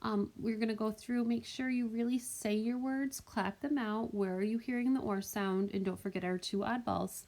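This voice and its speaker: A woman teacher recording a phonics lesson for children, speaking gently and clearly and clapping out syllables. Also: fairly high pitch, steady tone, normal speed, hardly any pauses. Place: voice-over for a whiteboard app. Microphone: tablet microphone.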